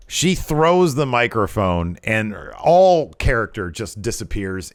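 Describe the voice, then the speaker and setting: A man's voice: fairly low pitch, no room sound, studio quality. A young adult man giving chatty, sarcastic commentary over wrestling footage, rambling a little. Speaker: wrestling video host.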